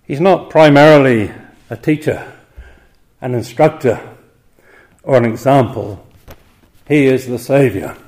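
A man preaching an evening sermon, earnest and emphatic, posing rhetorical questions and slowing down to quote scripture. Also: mid-range voice, a little mellow.

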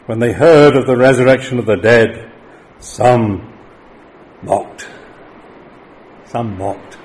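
Delivering a sermon slowly, a middle-aged man lifts his voice on emphatic lines and drops it low and hushed for the solemn moments. It's a low-quality recording.

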